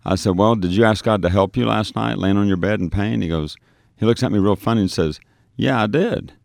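A man's voice: lowish voice, brisk, vocal fry, a little mellow, dry recording, studio quality. A man who ministers on the streets, telling a testimony on a radio show, acting out the voices in his story with frequent restarts. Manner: storytelling, acts out quoted dialogue, frequent restarts.

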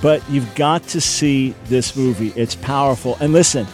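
A man's voice: medium pitch, normal speed, soft background music. A man hosting a radio talk show from his studio, interviewing guests with enthusiasm.

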